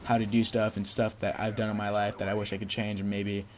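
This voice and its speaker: Young man, low voice, rambling confessional vlog story. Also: level tone, quick pace, slight background noise. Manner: rambling, quotes people with "I'm just like". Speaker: vlogger. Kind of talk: casual storytelling.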